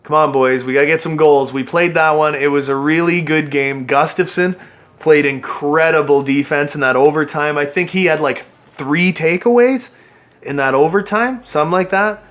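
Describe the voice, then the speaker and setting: A man giving excitable play-by-play commentary on a hockey video game he is playing, cheering and groaning at his team. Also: on the high side, moderate pace. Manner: excitable play-by-play, yelling at the players. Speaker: gaming channel host.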